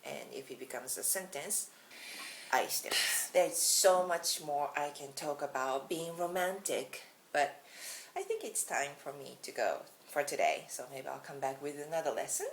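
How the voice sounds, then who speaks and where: A woman's voice: low voice, animated, normal speed, a little hiss or hum, poor audio. A Japanese woman with a Japanese accent, teaching a casual video lesson in a chatty, giggly way. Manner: chatty, giggly, self-deprecating. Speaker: language teacher.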